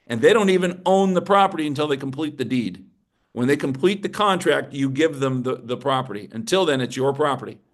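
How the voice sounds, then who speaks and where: A man giving an energetic, emphatic seminar presentation on real estate investing. He often asks the audience rhetorical questions. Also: medium pitch, fairly quick.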